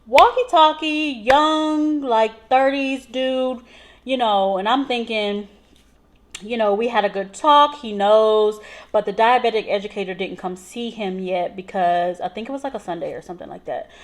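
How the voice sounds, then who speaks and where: A woman nurse telling patient stories in a casual vlog, chatty and animated, full of "like" and "so". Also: on the high side, normal speed. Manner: chatty, animated retelling with lots of "like" and "so".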